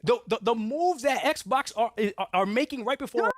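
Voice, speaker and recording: A man's voice: very high voice, expressive, moderate pace, dry recording, studio quality. A man in a played video clip, arguing insistently and lecturing his audience. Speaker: video commentator. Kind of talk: argumentative commentary.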